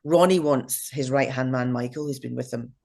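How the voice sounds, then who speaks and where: A woman's voice: extremely low pitch, moderate pace, vocal fry, a little mellow. A middle-aged woman, an actress, chatting as an interview guest, full of fillers and restarts. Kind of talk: casual interview chat.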